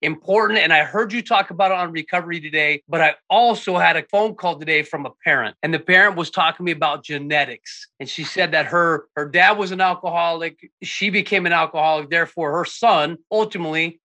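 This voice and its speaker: Bright-voiced male podcast host. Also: a little high, a little fast, few pauses. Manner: brief encouraging interjections, then asks questions. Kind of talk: casual interview.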